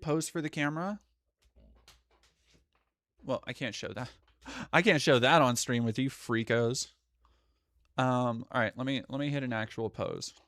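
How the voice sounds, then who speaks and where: A man's voice: mid-range voice, fairly bright tone, smooth, no room sound, clean studio sound. A man streaming live, chatting casually and profanely while reading out viewer comments. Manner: rambling, profane, reads chat aloud. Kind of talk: casual livestream chat.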